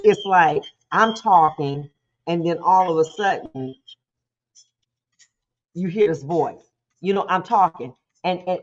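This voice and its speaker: Woman, motivational host, animated preaching talk, slightly dull lo-fi sound. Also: low voice. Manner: animated, conversational, acts out quick voices.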